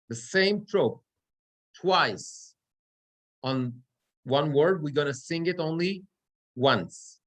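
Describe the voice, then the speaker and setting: A man's voice: on the high side, fairly bright tone, poor audio. A man teaching a class on Torah reading as cantor, explaining chant rules and chanting Hebrew verses. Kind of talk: online class lesson.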